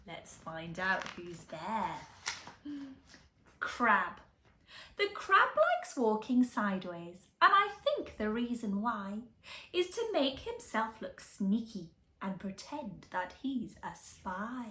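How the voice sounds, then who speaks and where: A woman's voice: a little high, slow. A woman preschool teacher reading a picture book aloud to young children, gasping and asking them questions. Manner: animated, gasps and asks children questions. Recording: echoey room.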